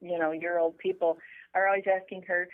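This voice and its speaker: A woman's voice: on the low side, flat delivery, a little fast. Bubbly woman on a phone line. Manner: enthusiastic, bubbly, laughs easily. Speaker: guest caller. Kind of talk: casual chat.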